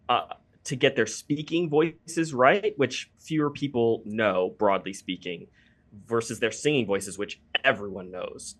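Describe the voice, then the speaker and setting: A man's voice: mid-range voice, measured pace. A man in his twenties interviewing two actors, asking long questions with hesitant restarts.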